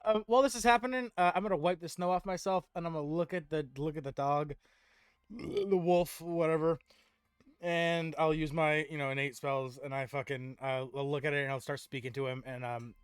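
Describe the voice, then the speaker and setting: A man playing a tabletop game over voice chat, excitable, swearing freely and laughing often. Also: fairly high pitch, fairly quick, clear, resonant tone, dry recording, studio quality, soft background music. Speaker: player.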